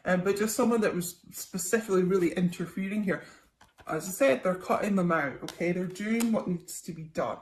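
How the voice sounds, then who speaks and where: A woman's voice: fairly low pitch, fairly quick. A young woman, a tarot reader, chatting casually through a psychic reading with lots of ums and okays. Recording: echoey room, faint noise.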